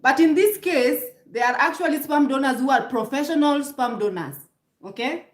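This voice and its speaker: A high-pitched Kenyan woman vlogger talks at a moderate pace, her voice sounding roomy. Looking straight at her viewers, she preaches emphatic relationship advice, prodding them with rhetorical "hmm?" questions and restarting often.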